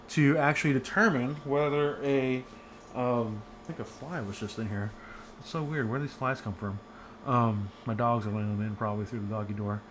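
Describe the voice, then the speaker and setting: A man's voice: mid-range voice, fairly bright tone, slight background noise. A man giving a casual online chemistry lecture from home, chatty and rambling with many fillers and restarts.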